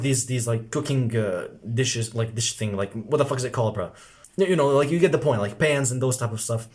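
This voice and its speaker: A young man talking casually to camera as a self-improvement coach, rambling with constant filler words and frequent swearing. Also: mid-range voice. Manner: rambling, heavy filler words, swears freely, says "bro".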